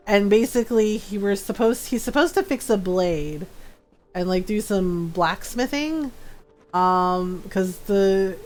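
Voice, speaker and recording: A woman livestreaming a game and chatting casually, talking in a giggly way with many fillers. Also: mid-range voice. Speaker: livestream gamer. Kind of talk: casual chat while gaming.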